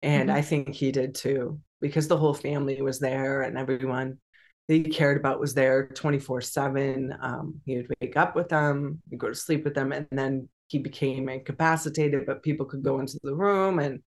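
An interview guest speaking candidly over a video call, halting and restarting often with frequent nervous laughter. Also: mid-range voice, steady tone.

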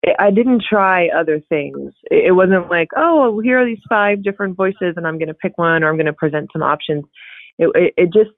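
Woman, interview guest, expressive, laughs often, phone-like tinny audio, dry sound. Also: on the low side, brisk, no echo. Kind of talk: casual interview chat.

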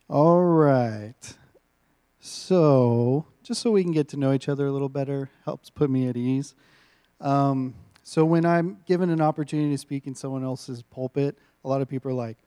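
Warm-voiced joking man preaching. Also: mid-range voice, measured pace, clean tone. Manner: joking, laughs often between lines; informal and self-mocking. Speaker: guest preacher. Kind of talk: sermon.

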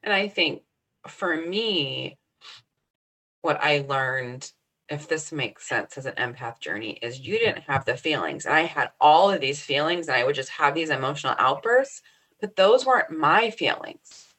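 A woman in her forties with a low-pitched voice that still rings bright and forward. She talks earnestly about her inner life in a casual podcast chat. She keeps checking in with her listener as she goes. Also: expressive, unhurried. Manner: earnest, often checks in with "right?". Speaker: podcast co-host. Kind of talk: casual reflective conversation.

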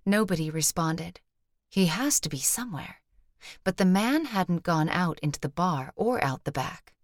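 A woman narrating an audiobook in measured, even storytelling. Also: lowish voice, no room sound, studio quality. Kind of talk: scripted narration.

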